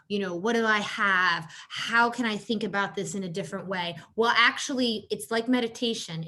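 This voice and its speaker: A woman health coach giving a workshop presentation on caregiver stress. She talks conversationally, often tagging "you know" and "right?", and acts out quoted exchanges in a higher voice. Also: pushed and bright.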